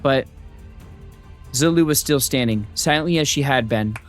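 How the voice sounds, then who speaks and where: Dude streamer reading a game story out loud, mid-pitched, gets hyped and cusses a lot, faint game music behind. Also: male voice, moderate pace. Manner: excitable, swears freely, hype outbursts. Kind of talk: reading a game story aloud with live reactions. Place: home streaming setup.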